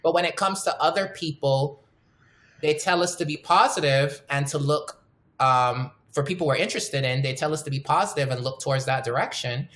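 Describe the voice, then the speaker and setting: Female podcast host, deep-toned, frank storyteller, roomy echo. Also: normal speed, fairly bright tone. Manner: candid, storytelling, swears freely. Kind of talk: casual podcast chat.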